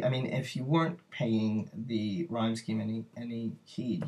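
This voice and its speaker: A man's voice: lowish voice, steady tone, unhurried, hardly any pauses, darkish tone. A man teaching a poetry lesson, talking it through thoughtfully and searching for words as he explains.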